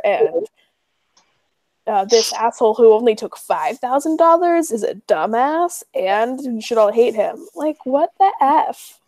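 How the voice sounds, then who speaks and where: A woman on a podcast panel chats casually, exasperated and quick to laugh. Her voice is a little high and warm, and the recording is dry and close. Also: lively intonation, no room sound. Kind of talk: casual chat.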